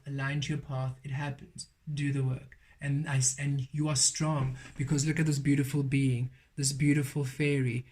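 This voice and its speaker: A man giving a spiritual tarot card reading, emphatic and repeating his affirmations. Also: fairly high pitch. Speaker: tarot reader.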